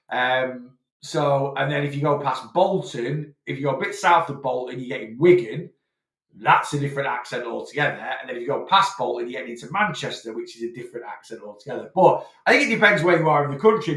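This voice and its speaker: A man's voice: medium pitch, a bit bright, echoey room. A man from Northwest England with a Lancashire accent, a weight loss coach answering questions in a live chat and checking in with "right?" as he explains. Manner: explanatory, peppers talk with "right?".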